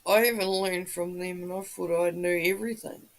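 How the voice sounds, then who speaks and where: A woman's voice: fairly low pitch, steady tone, moderate pace, low-quality recording. A woman hosting a casual livestream, chatting with viewers and reading the chat, swearing freely as she talks. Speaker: livestream host.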